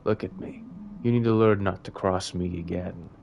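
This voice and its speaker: A man voicing a cruel, threatening villain king in a video game, speaking slowly and in a hushed tone. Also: low voice, fairly even intonation, gravelly, muffled recording, a little hiss or hum, voice pushed down. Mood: menacing.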